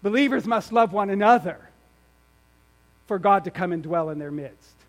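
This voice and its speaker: A man preaching a sermon as pastor. He swings from emphatic, near-shouted lines to quiet asides and often repeats or restarts his words. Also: sits high, animated, normal speed.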